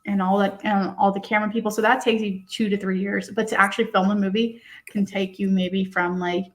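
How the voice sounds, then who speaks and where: A woman's voice: medium pitch, fairly quick. Chatty young woman hosting a podcast. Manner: chatty, excitable, laughs often. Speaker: podcast host. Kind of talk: casual chat.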